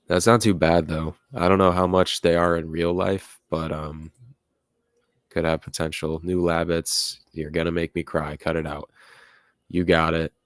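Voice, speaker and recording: A young man with a low, deep voice hosts a casual livestream, reading viewer comments and chatting loosely with plenty of "like" and "uh". The recording is dry and close, with little room sound. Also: level tone, a little slow, clear, resonant tone, no echo. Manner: rambling, filler-heavy, laughs at chat comments. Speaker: livestream host reading chat. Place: home room with music playing nearby.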